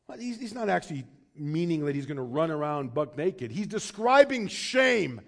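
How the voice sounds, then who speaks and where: A man preaching a sermon as pastor, swinging between loud urgent pleading and quiet low asides. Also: big pitch swings, normal speed, gravelly.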